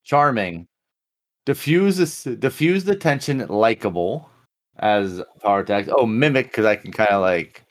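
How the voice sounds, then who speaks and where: A man's voice: on the low side, expressive, moderate pace. Guy playing a tabletop game, jokes around, swears a lot. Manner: swears casually, jokey. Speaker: player.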